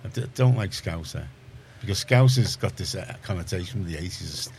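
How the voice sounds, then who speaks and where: A very low-voiced man with a Liverpool accent hosts a radio chat from the studio. He rambles warmly through his stories, restarting his sentences as he goes. Faint noise sits under the recording. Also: lively intonation, fairly quick. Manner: rambling, chatty storyteller with frequent restarts. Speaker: radio show host.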